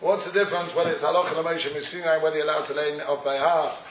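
A man lectures on a Talmudic topic in a questioning, back-and-forth cadence. His voice sits somewhat high. He is heard from a distance in a roomy, echoing space. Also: steady tone, racing, hardly any pauses, fairly bright tone. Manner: questioning, argumentative study-hall cadence. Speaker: Torah teacher. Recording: echoey room, far from the mic.

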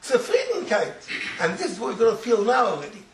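Lively high-voiced man telling stories. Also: rapid-fire, a little hiss or hum. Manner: animated storyteller, laughs through his words; sprinkles Yiddish phrases. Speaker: religious teacher. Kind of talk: informal Torah talk. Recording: roomy echo, faint ambience.

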